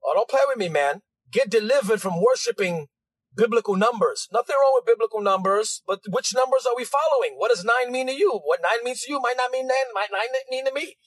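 Male preacher, very high voice, dry close sound, forceful and shouty delivery. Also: lively intonation, dry recording. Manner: loud, emphatic preaching with shouted lines and quick asides. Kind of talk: sermon.

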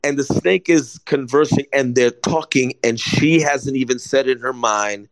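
A man's voice: medium pitch, measured pace, no room sound, low-quality recording. A man preaching an informal sermon, emphatic and repetitive, often checking whether listeners are following. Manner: emphatic, repeats points, asks listeners if they follow. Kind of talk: conversational sermon teaching.

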